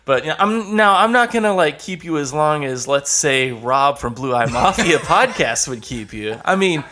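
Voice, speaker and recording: Lively, jokey male podcast host. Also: fairly high pitch, moderate pace. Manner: jokey, laughs a lot, does playful impressions. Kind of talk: casual interview chat. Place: home podcast studio.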